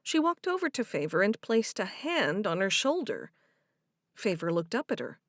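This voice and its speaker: A woman reading a romance audiobook in even, measured scripted narration. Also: mid-range voice, no room sound, clean studio sound.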